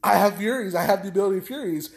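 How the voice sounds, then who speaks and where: A man voicing an eager young man in a book retelling, a little higher and louder than his own voice. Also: slow pace, full character voice. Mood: excited. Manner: excited, eager. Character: excited young man, boyishly thrilled.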